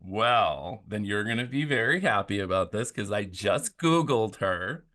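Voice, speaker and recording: A man's voice: fairly low pitch, lively intonation, measured pace, bright, forceful tone, slight background noise. A man chatting casually as a podcast guest, rambling with many "like" fillers. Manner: rambling, filler-heavy talk with lots of "like".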